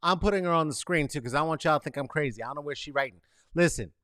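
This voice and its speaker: A man's voice: fairly high pitch, racing, dry recording, clean studio sound. A man hosting a casual comedic monologue, rambling and swearing through mock boos and cheers; he has lived in the Bay Area for decades. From San Francisco Bay Area. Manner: swearing, rambling, animated rants with mock booing. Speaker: host.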